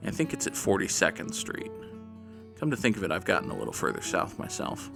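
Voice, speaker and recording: Lowish-voiced guy chatting to himself while he plays, goofy jokes, some swearing, soft music under it. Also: wildly swooping pitch, moderate pace, gravelly. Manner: rambling, jokey, talks to himself while guessing, swears. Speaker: gaming YouTuber. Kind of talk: casual gameplay commentary.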